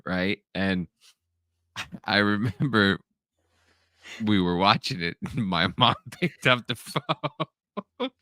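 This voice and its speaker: A man chatting casually on a podcast with a bright, forward tone. He tells stories animatedly and jumps into the voices of his family. The sound is dry and close, with little room in it. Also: on the low side, slow pace, long pauses, no room sound. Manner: animated storyteller, acts out family members in raised voices. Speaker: podcast co-host. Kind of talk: casual chat.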